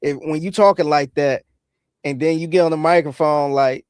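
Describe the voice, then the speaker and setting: A man co-hosting a podcast, talking in a relaxed way and often acting out what others might say. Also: a little high, moderate pace, clear, resonant tone, dry recording, studio quality. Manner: relaxed, acts out quotes. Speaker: podcast co-host. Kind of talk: casual podcast commentary.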